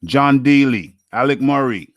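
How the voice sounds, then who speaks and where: A man's voice: medium pitch, expressive, a little slow, dry recording, muffled recording. A man from the UK hosting a live boxing talk stream, chatting casually and reading out viewer names and comments.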